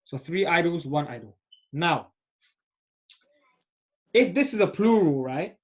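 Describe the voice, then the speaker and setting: A man's voice: a little high, lively intonation, slow. A man teaching an Arabic grammar class, patient and often checking understanding. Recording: dull lo-fi audio.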